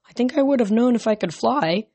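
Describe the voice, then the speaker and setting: A woman's voice: a little high, expressive, a little fast, warm tone, breathy edge, pitched above the performer's own voice. A woman reading a storybook, voicing a bewildered teenage boy hero with dry, uncertain remarks.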